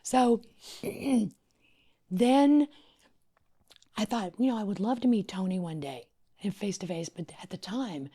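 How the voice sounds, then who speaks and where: A middle-aged woman from Louisiana, a podcast guest, tells her story expressively, sometimes dropping to a whisper and sometimes rising with excitement. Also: medium pitch, unhurried, long pauses, breathy edge. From Louisiana, USA. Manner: expressive, often drops to a whisper or rises excitedly. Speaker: podcast guest, wedding planner. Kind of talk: animated storytelling in conversation.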